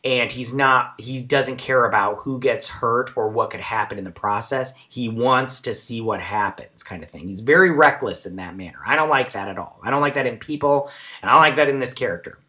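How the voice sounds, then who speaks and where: A man's voice: mid-range voice, a little fast, sharp tone. A man hosting a casual episode recap and review, chatty and rambling with lots of fillers. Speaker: show recap host.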